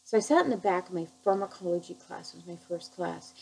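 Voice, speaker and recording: A middle-aged woman, a chemical dependency counselor, telling her personal recovery story in an earnest, halting, heartfelt way. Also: lowish voice, gravelly, a little mellow, a little hiss or hum, poor audio.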